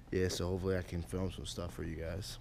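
A hoarse man talking casually to camera at a wrestling training school. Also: deep voice, slight background noise. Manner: relaxed, chatty. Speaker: vlogger and wrestler. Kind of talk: casual vlog talk.

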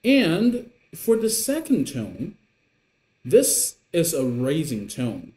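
A man's voice: wildly swooping pitch, dark tone. A man teaching a beginner Mandarin lesson in English, patient and encouraging, showing the tones with his voice. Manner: slow, patient, pitch swinging up and down to show tones. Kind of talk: online language lesson. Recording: echoey room.

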